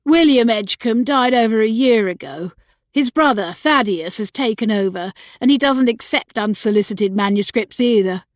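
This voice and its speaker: A woman reading an audiobook, putting on a troubled young brother full of resentment. He pushes his point hard and loudly, pitched a little high. The recording is dry and close. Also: normal speed, dry recording, natural voice. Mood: insistent. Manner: insistent, raising his voice. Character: bitter agitated young man, troubled brother. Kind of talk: audiobook character voice.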